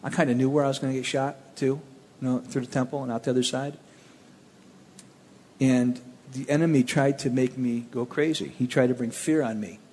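A man from the Cleveland area tells his personal testimony, animated and plainspoken, with a middle-pitched voice. It is recorded in a roomy hall with a long reverb tail and faint ambience behind him. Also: a little fast, slight background noise. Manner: plainspoken, animated storytelling with restarts. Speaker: speaker telling his testimony.

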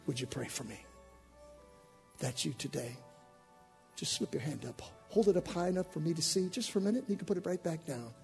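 A male pastor preaching an impassioned sermon with an altar call, swinging from hushed lines to shouted ones. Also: a little high, expressive, fast talker, vocal fry, soft background music.

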